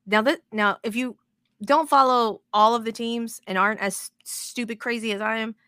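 A woman hosting a podcast in casual chat, excitable and rambling, with the odd swear. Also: a little high, normal speed, smooth, no echo, studio quality. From moved to Texas as an adult. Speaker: podcast host.

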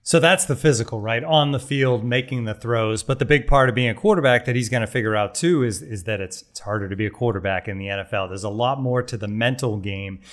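A man's voice: medium pitch, a little fast, hardly any pauses. Man hosting a sports talk show. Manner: steering the talk, sets up clips. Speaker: show host. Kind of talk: casual sports talk chat.

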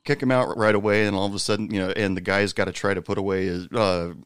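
A man chatting casually about his bartending days, pausing often with fillers. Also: lowish voice, steady tone, smooth, no echo, clean studio sound. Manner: hesitant, many fillers, laughs easily. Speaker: former bartender. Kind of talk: casual chat.

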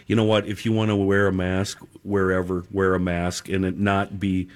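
A man's voice: low-pitched, level tone, moderate pace. A man co-hosting a casual talk show, speaking earnestly and plainly. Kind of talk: casual studio chat.

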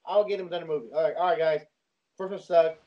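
A man's voice: fairly high pitch, fairly even intonation. A man in a casual chat with friends, stumbling over his words and swearing. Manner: halting, restarts and swears. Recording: dull lo-fi audio.

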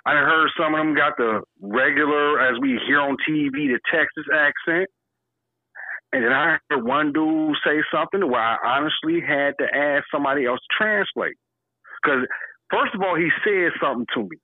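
A man talking in loose podcast chat, his voice jumping around with surprise and laughter. The sound is dry and squeezed thin, like a phone line. He sits a touch higher than most men. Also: normal speed, no echo. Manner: animated, exclaims and laughs often, swears casually. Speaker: podcast co-host. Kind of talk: casual chat.

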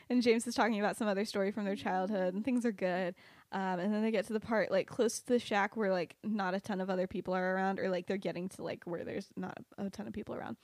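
Chatting on a podcast, a young woman recounts a fan-fiction story, scattering "like" and "um" throughout and laughing at what she's telling. Her voice sits a little high, captured as clean studio sound with no room sound.

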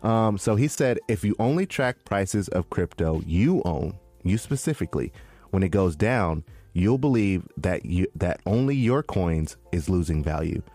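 A man co-hosting a casual podcast, excitable and slangy as he chats. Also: low voice, a little slow, soft background music. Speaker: podcast co-host. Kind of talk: casual crypto chat.

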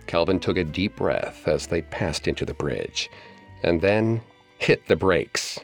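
A man reading a horror story aloud in a measured, suspenseful way. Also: sits low, lively intonation, vocal fry, soft background music. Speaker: narrator. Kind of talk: scripted horror story narration.

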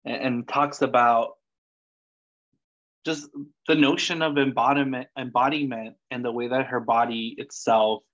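A man speaking in a mid-pitched voice as a podcast guest, reflective and earnest. His sound comes through a dull, lo-fi line, muffled like a remote call. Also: steady tone, unhurried, fairly bright tone. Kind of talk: casual conversation.

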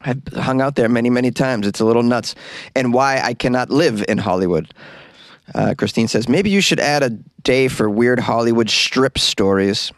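A man's voice: medium pitch, normal speed. A man hosts a comic weird-news podcast, drifting between reading stories and loose, joking chatter. He is recorded in a small closet, so the sound is close and completely dry with no room echo. His voice sits in an ordinary middle register. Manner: jokey, rambling, puts on silly voices for quotes. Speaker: podcast host and comedian.

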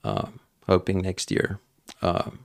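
A middle-aged man with a South African accent, a podcast guest who talks casually and hesitantly, often pausing on ums and restarting his sentences. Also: low voice, big pitch swings, creaky, no room sound, studio quality. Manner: hesitant, thinking aloud with many ums and restarts. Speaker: podcast guest, entrepreneur and cattle farmer. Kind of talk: casual interview conversation.

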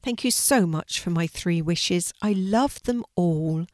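A woman's voice: lowish voice, slow pace, darkish tone, no echo, studio quality. A woman doing a sweet, wide-eyed little girl. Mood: delighted. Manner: eager, wide-eyed and breathless.

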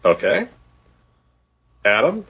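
A man hosting a casual podcast chat, husky and laughing often as he runs through picks. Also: on the low side, wildly swooping pitch, slow, fairly bright tone. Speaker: podcast host. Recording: dull lo-fi audio.

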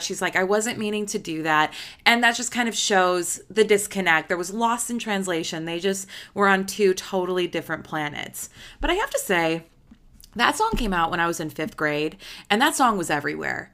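A woman's voice: mid-range voice, lively intonation, normal speed, bright, forceful tone. A woman in her thirties hosting a podcast, retelling a story in a chatty, gossipy, emphatic way. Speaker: podcast host. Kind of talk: casual storytelling monologue.

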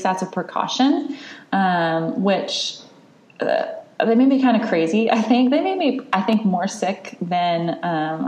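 A woman's voice: mid-range voice, darkish tone, echoey room. A woman in her thirties, a podcast host, candidly telling a long personal story in casual chat, with lots of fillers and restarts.

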